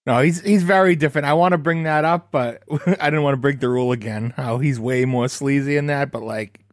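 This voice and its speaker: A man's voice: medium pitch, fairly quick, dry recording, studio quality. A man co-hosting a podcast, teasing the others with wry remarks in casual chat. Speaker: podcast co-host.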